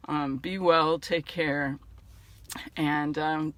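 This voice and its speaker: Bright, playful church minister man. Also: fairly high pitch, moderate pace, dry recording. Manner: playful, chatty, warm encouragement with laughs. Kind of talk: casual spiritual video talk.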